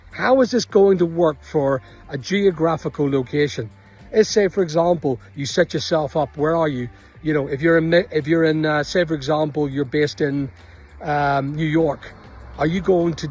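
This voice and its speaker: A man's voice: a little high, darkish tone, slightly rough, highs cut off. A middle-aged man from Northern Ireland with a Northern Irish accent, an online seller venting indignantly to camera about rising costs. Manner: exasperated, indignant, repetitive. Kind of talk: angry rant to camera.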